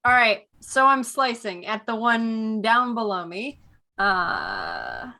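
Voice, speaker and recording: A woman playing a tabletop game on a live stream, hesitant and unhurried as she describes her character's actions. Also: a little high, sing-song, sharp tone. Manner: unhurried, hesitant, many ums.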